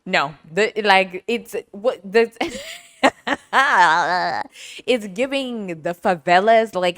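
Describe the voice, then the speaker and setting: A woman hosting her own podcast, telling a story in a chatty, animated way with lots of asides. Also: medium pitch, no echo, studio quality. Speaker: podcast host. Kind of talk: casual storytelling monologue.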